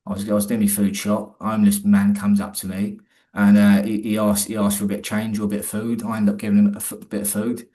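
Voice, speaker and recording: A man, his voice sitting on the low side, talks as an interview guest. He tells a personal story loosely and colloquially, often stopping and starting again mid-sentence. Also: monotone, quick pace, warm tone. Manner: rambling, restarts often, colloquial.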